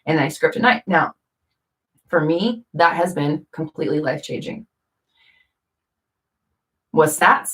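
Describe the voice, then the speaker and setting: A woman's voice: deep voice, measured pace, long pauses, fairly bright tone. A woman vlogger talking casually to camera, rambling with fillers and self-corrections.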